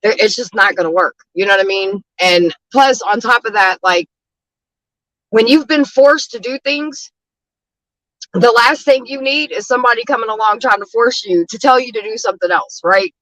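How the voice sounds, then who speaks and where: A slightly high, somewhat bright voice belongs to a woman doing street outreach advocacy, speaking at a moderate pace. There's no echo, but the audio is poor. Chatting casually, she tells frank stories, swears frequently, and often adds "you know what I mean."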